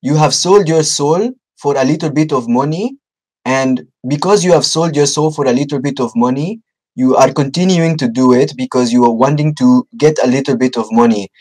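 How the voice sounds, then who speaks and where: A man's voice: medium pitch, moderate pace, darkish tone, natural voice. A man playing a blunt, preachy Nigerian caller in a put-on Nigerian accent, pushing and lecturing on a prank phone call. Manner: pushy, lecturing, repeats himself. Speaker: scambaiter.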